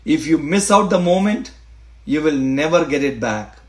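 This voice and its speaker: Earnest male preacher, slightly high voice. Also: animated, normal speed. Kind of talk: sermon.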